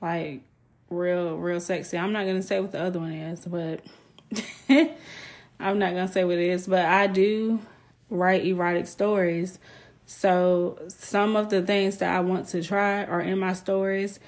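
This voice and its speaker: A woman's voice: on the low side, fairly even intonation, a little slow. A young woman hosting a podcast, talking frankly and casually, with frequent laughter and a loose, chatty delivery. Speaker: podcast host. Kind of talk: candid casual monologue.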